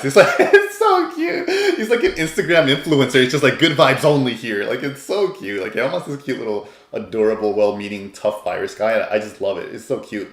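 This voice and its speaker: A man's voice: medium pitch, echoey room. A man reviewing an anime episode in a casual, rambling, enthusiastic way, with lots of fillers.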